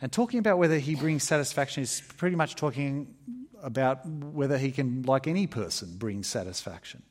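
A man preaching a sermon in an emphatic, conversational way, with fillers and restarts. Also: fairly quick. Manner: expressive, emphatic preaching with varied pitch. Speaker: pastor.

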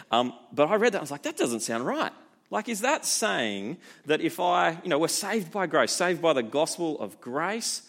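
A man delivers a sermon in an easygoing, conversational style. His voice sits at a middle pitch, and he keeps drawing listeners in with rhetorical questions and animated stresses. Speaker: preacher.

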